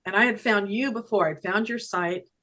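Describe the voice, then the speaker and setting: Older woman guest, animated storyteller who laughs a lot and acts out her own quotes, video call. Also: mid-range voice, moderate pace, poor audio. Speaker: guest energy healer. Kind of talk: casual personal storytelling.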